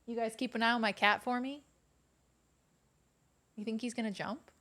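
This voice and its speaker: A woman's voice: a little high, steady tone, normal speed, fairly bright tone. A woman streaming a game in casual, chatty commentary, now and then cooing baby talk at her kitten.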